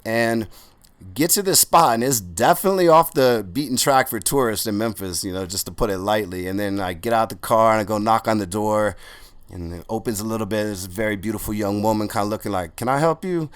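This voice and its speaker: A man, a podcast guest, telling relaxed, rambling anecdotes in casual talk with many fillers. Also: fairly low pitch, brisk, clear, resonant tone, dry recording. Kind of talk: casual storytelling in a podcast interview.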